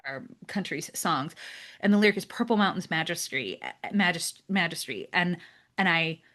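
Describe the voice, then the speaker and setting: American woman guest, lowish voice, lively, laughs a lot, slips into near-whispers. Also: moderate pace. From United States. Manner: animated, laughs often, drops to soft near-whispers. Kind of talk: casual conversation.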